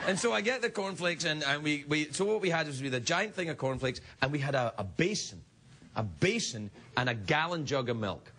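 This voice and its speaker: A man in his thirties spins a comic story, his voice sitting a touch high and swinging widely up and down. He chuckles through his lines as he tells it. Steady background noise runs under a rough recording. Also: a little fast. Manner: laughs through his words, animated retelling. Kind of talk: comic anecdote. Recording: noisy recording.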